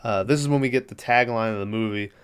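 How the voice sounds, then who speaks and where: A man's voice: lowish voice, fast, clear, resonant tone. A man hosting a podcast who recaps a movie in a rambling, profane way, laughing often and filling gaps with "like" and "um.". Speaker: podcast host.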